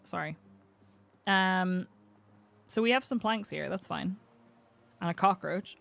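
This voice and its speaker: A woman with a Northern Irish accent chats away to her stream while she plays, self-mocking and easily amused. Her pitch swoops up and down with lively energy. She talks at a middling pitch, like a relaxed live-streamer. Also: a little slow, gravelly, long pauses, no room sound. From Northern Ireland. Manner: chatty and self-mocking, answers chat, laughs often. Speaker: game streamer. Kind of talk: casual live-stream chat while playing.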